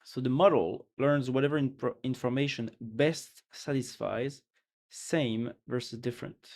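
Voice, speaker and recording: A man streaming live, reading technical text aloud and thinking it over in a loose, halting way, with restarts and trailing asides. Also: mid-range voice, fairly even intonation, darkish tone.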